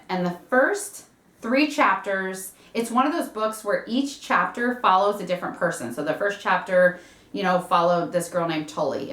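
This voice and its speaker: A woman's voice: mid-range voice, fairly bright tone, echoey room. A woman chatting casually about books she read, rambling with fillers and restarts. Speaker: book vlogger. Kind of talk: casual chat.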